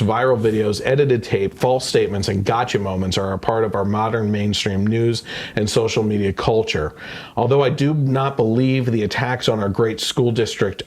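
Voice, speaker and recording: A man's voice: lowish voice, a little mellow. A man hosting a casual podcast, reading news excerpts aloud and commenting with indignation. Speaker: podcast host.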